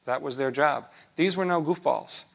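Conversational pastor, slightly high voice. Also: male voice, moderate pace, gravelly, fairly bright tone. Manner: conversational, with frequent restarts and rhetorical questions. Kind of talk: sermon.

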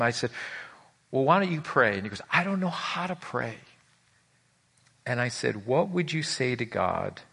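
A man in his forties, a pastor, preaching a conversational sermon and acting out the people in his stories, moving from loud to hushed. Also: mid-range voice, creaky. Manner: acts out quoted voices in his stories.

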